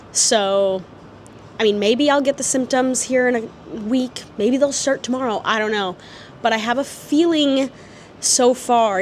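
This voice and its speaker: Talking to the camera in an echoey room, a vlogger in her twenties chats and meanders, stumbling through fillers and starting over often. She sounds tired and keeps yawning. Her voice is mid-range, with a little hiss or hum in the background.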